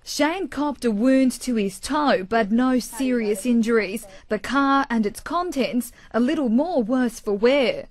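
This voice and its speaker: A woman's voice: fairly high pitch, unhurried, hardly any pauses. An Australian woman narrating a TV news report.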